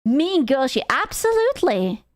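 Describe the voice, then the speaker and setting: A woman's voice: high-pitched, very animated, a little slow. A young woman streaming, giving blunt, sarcastic and profane reaction commentary on a clip.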